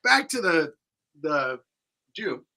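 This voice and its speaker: A man with a bright, pushy tone and a voice set a bit high hosts a live comic book sale. He jokes between listings and reads titles and prices off quickly. It is loose, casual stream banter. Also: very animated, vocal fry, poor audio. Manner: joking, rattles off comic listings.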